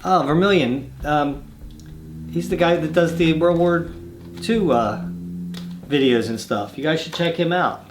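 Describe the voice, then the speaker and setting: A man's voice: on the high side, unhurried, pauses often, faint music behind. A man hosting his own channel, reading viewer letters aloud and chatting casually between them with rambling, easygoing asides. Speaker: channel host reading fan mail.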